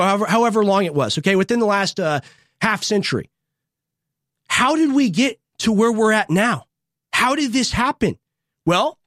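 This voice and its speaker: A young show host giving a fervent, preachy political monologue with rallying repeated lines and big swings in pitch and loudness, in a studio. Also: no echo. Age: young adult.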